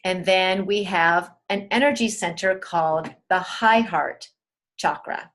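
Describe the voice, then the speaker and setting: A woman teaching a spiritual webinar in a gentle, soothing way, talking straight to her listeners and repeating key words. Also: on the low side, a little slow.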